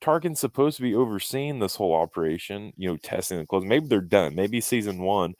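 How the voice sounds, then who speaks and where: A man with a low voice, talking in a loose, rambling way on a casual podcast. He is recorded close and dry, with no room sound around him. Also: expressive, brisk, a little mellow, dry recording. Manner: rambling, restarts often, fan opinions. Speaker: podcast co-host. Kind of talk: casual chat.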